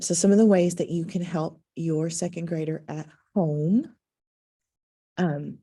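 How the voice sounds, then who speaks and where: A woman's voice: low voice, mellow. A woman teacher explaining to parents, patient and instructive, with frequent ums. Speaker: second-grade teacher.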